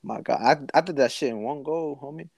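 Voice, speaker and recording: A man's voice: fairly high pitch, a little fast, gravelly, a little mellow, no echo. A young man casually telling a story to a friend, full of slang and swearing, laughing as he goes. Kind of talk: casual chat.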